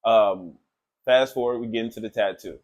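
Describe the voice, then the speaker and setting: A man who works as a tattoo artist, telling a story in a loose, animated, profane way, full of filler phrases. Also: on the low side, moderate pace, dull audio. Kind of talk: casual storytelling.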